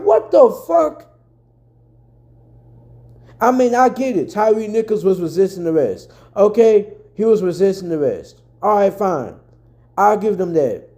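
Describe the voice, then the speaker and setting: Angry commentator, a man with a high but very dark voice and constant swearing. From Memphis, Tennessee. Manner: angry, profane, repetitive. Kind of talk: ranting commentary.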